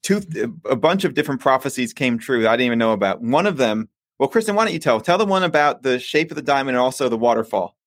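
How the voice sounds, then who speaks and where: A man's voice: medium pitch, lively intonation, a bit bright, no echo, studio quality. A young man hosting, chatting casually in an upbeat, teasing way. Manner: upbeat, talks fast, teasing. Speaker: host of a prayer stream. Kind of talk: casual chat.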